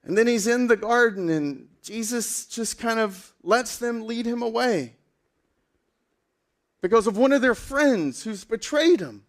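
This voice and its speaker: A man preaching a sermon as a pastor, telling a story in a casual, animated way with lots of fillers. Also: extremely high pitch, measured pace.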